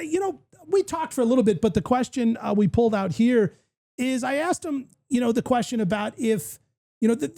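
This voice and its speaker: A man with a fairly high voice and a gravelly edge talks casually on a golf podcast. His tone is dark and mellow, and he rambles through his stories with plenty of fillers. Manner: rambling, filler-heavy storytelling. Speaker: podcast host.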